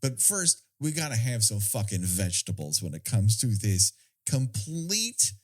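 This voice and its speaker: A man with a low voice that swings up and down a lot, talking through a film on a podcast. He is sardonic and swears freely, telling it like a story. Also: unhurried. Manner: profane, sardonic, lively storytelling. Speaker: podcast co-host. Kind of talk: casual podcast film discussion.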